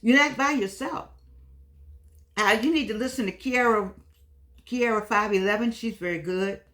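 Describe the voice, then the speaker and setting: An older woman with a fairly high voice hosts her own vlog at a moderate pace, chatting casually and warmly but repeating herself. She calls her viewers pet names like darlings and sugar pies, and seems a little frustrated today.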